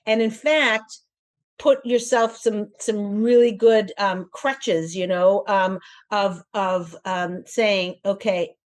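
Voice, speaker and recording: A woman hosting a talk show, giving casual marriage advice in an animated way, laughing often and acting out quoted voices. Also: medium pitch, slow pace. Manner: frequent restarts and fillers.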